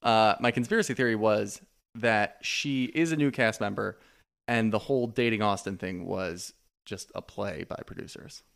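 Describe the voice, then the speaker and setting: A man's voice: lowish voice, normal speed, vocal fry, a bit bright. A man co-hosting a podcast, rambling through a reality show recap with lots of "like" and casual swearing. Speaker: podcast co-host.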